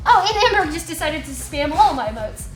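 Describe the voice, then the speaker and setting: A woman's voice: high voice, big pitch swings, a little fast, a bit bright. A young woman from New Jersey hosting a casual live stream, joking and chatting with her viewers. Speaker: livestream host. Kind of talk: casual live-stream chat while painting. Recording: echoey room with music behind.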